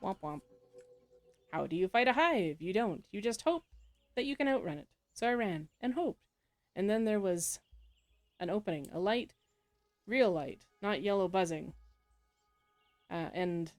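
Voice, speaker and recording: Reading aloud from a story game she's playing, a woman with a mid-range, slightly mellow voice adds casual commentary. Her reading is punctuated by frequent laughs and self-corrections.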